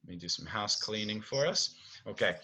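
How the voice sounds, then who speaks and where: A man's voice: lowish voice, animated, normal speed, sharp tone, low-quality recording. A man directing actors from home, explaining stage blocking in a chatty way, often checking in with "okay?". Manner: chatty, keeps checking with "okay?", sings music cues. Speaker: theater director.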